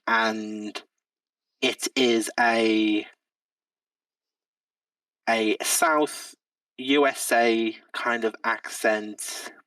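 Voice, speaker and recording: A man's voice: on the low side, steady tone, extremely slow, long pauses, fairly bright tone, dry recording. Hesitant man, distant mic. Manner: hesitant, lots of ums and restarts, laughs easily. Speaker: player and podcast guest. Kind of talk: reflective casual chat. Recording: dry sound from a distant mic.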